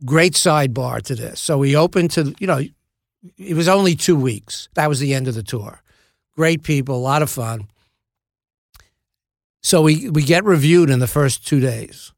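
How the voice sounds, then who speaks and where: A man in his seventies, an actor being interviewed, telling lively stories with halting restarts and asides. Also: fairly high pitch, creaky, no echo, clean studio sound. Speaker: actor guest. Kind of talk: anecdotal interview storytelling.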